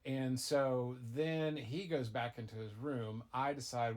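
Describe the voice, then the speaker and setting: A middle-aged man, a father improvising a goofy tall tale for his child, rambling with deadpan asides. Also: medium pitch, slow. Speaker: father telling a bedtime-style story.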